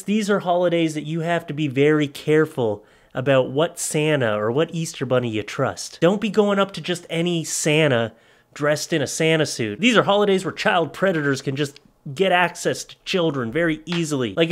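A man doing comedic commentary on photos for his channel, sarcastic and heavily profane, with loud, animated jabs. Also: on the high side, normal speed. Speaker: comedy YouTuber.

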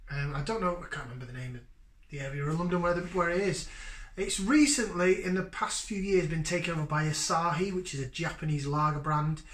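A man's voice: fairly high pitch, fairly quick, fairly bright tone. Chatty man hosting a beer review. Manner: chatty and rambling with many fillers. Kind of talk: casual beer review chat. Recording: echoey room.

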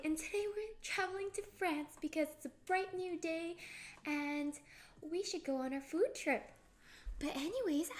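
A woman's voice: sits high, a little mellow. A young woman streamer chatting casually on a live cooking stream, bubbly and giggly as she greets chatters by name.

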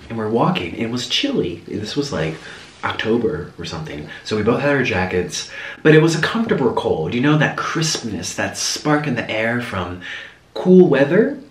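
Mukbang vlogger, male, animated storyteller, roomy sound, sits back from the mic. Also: mid-range voice, recorded from a distance. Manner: chatty, animated, dramatic asides. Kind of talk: casual storytelling while eating.

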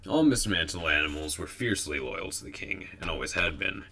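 Deep, bright-toned storybook reader. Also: male voice, a little fast. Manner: steady reading with voiced characters. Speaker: audiobook reader. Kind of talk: storybook narration.

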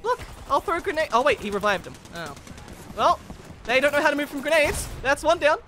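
A young Australian man chatting playfully while playing a game, excitable and teasing. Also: very high voice, fairly quick, faint music behind. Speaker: streamer. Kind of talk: casual gaming chat.

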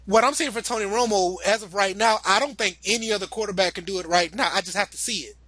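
An excitable man talks sports on a casual podcast, his voice high and bright. He piles up slang and repeats phrases as he builds his point. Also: quick pace. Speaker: podcast co-host.

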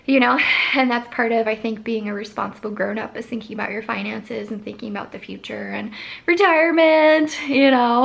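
Chatty woman vlogger with a gravelly edge. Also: a little high. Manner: chatty, many fillers and laughs, coos at her cats. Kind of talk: casual chat to camera. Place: bedroom at home.

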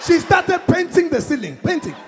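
A young man from Congo doing a stand-up comedy set, energetic, shouting punchlines and acting out his parents. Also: extremely high pitch, normal speed, a crowd in the background, noisy background. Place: comedy concert stage. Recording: live show in a hall with long reverb.

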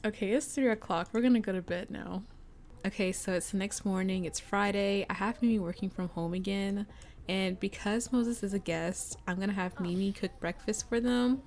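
Chatty, excitable young woman gamer. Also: mid-range voice, normal speed. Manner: chatty, excitable, gushing asides. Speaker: gameplay commentator. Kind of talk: casual gameplay commentary.

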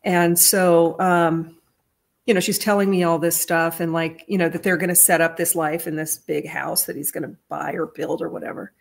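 Speaking at normal speed with a creaky, fairly low voice and little pitch movement, a woman vlogger recounts a personal family story casually. Her earnest, rambling delivery is full of restarted sentences, and her voice lifts during the emotional parts.

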